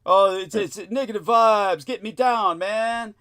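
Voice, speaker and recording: A man's voice: high-pitched, measured pace, a bit bright, clear, resonant tone, pitched above the performer's own voice. A man mimicking a laid-back man who whines about negativity. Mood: whiny.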